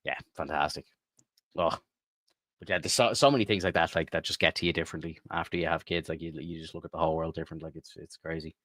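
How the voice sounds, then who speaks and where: Podcast co-host, man, deep and bright, rambling earnest chat. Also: steady tone, fast, no echo, studio quality. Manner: rambling, heartfelt, lots of fillers. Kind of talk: casual chat.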